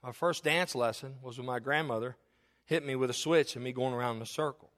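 A man's voice: medium pitch, fairly quick, fairly bright tone. Preacher man telling a story. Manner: storytelling preacher, building to emphatic, rising delivery. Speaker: pastor. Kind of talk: sermon.

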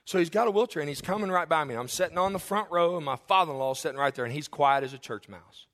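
A man's voice: on the high side, fast talker, fairly bright tone. A male pastor preaching a sermon in church, telling confessional, humorous stories to his congregation.

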